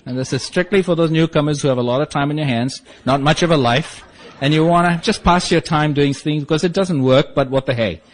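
A man's voice: on the high side, a little fast, a little hiss or hum. Wry self-mocking male storyteller. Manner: acts out quoted dialogue. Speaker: speaker sharing his story at a support meeting. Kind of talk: personal storytelling to a group.

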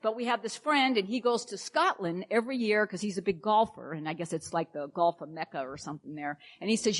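A woman's voice: medium pitch, normal speed. A woman sharing a personal story at a recovery meeting, candid and wryly humorous.

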